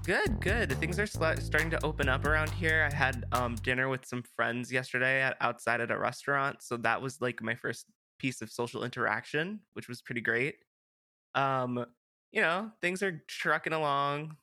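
A young man hosting a casual podcast, his voice bright and forward. He rambles along with plenty of fillers and restarts, and the recording is close and dry. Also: medium pitch, normal speed, no echo, soft background music. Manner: chatty, rambling, filler-heavy. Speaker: podcast host. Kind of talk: casual chat.

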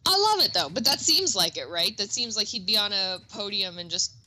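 Bright, chatty woman podcast host. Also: mid-range voice, expressive, fairly quick, poor audio. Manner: chatty, upbeat, self-deprecating asides. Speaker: podcast co-host, music teacher. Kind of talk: casual educational podcast chat.

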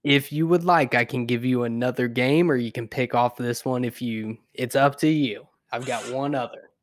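A man cohosting a casual podcast, laying out picks in a measured way. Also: mid-range voice, no room sound, clean studio sound. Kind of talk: casual chat.

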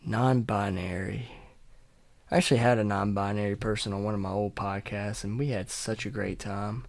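A man's voice: lowish voice, no echo. A young man hosting his own podcast, chatting casually, rambling, joking crudely and laughing often. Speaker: podcast host. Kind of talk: casual solo podcast chat.

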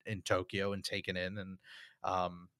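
A man's voice: sits low, completely flat delivery, a little slow, fairly bright tone, clear, resonant tone, no echo, studio quality. A man co-hosting a podcast, talking through a film in a casual, thoughtful, rambling way with many fillers. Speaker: podcast co-host.

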